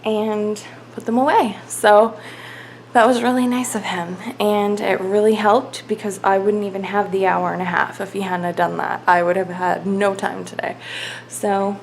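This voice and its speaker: A woman's voice: medium pitch, level tone, normal speed, gravelly, a little hiss or hum, poor audio. Young woman vlogger, chatty and rambling, talks to a handheld camera at home, mid-range voice. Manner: chatty, rambling, laughs often. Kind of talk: casual daily vlog narration. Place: home kitchen.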